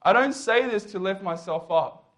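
A young man telling his faith story to an audience, animated and jokey, acting out the lines of the people he quotes. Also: high-pitched, moderate pace. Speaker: speaker. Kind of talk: testimony talk to an audience.

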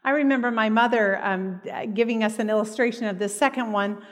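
A woman's voice: fairly high pitch, fairly quick, long reverb tail. A woman giving a heartfelt preaching talk and telling personal stories. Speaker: speaker at a church meeting.

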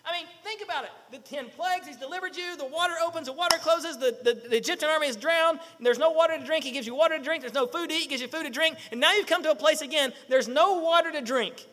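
A middle-aged male pastor preaching a sermon, animated, acting out quotes and firing rhetorical questions at the congregation. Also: extremely high pitch, quick pace, hardly any pauses, big-room sound, a little hiss or hum.

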